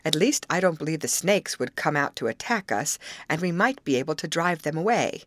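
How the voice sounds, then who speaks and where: A woman's voice: sits low, expressive, a little fast, fairly bright tone, dry recording. A woman reading aloud and voicing an anxious young woman who mutters her worries.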